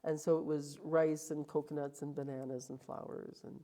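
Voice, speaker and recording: Low, mellow-voiced woman telling her story. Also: flat delivery, moderate pace. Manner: emotional, vivid retelling with acted quotes. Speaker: guest. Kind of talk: storytelling interview.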